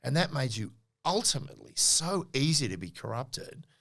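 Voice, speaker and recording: A man's voice: mid-range voice, normal speed, gravelly. An Australian man in his forties, a podcast co-host telling stories in an interview and acting out what people said. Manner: animated storyteller, acts out quotes. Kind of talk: casual interview storytelling.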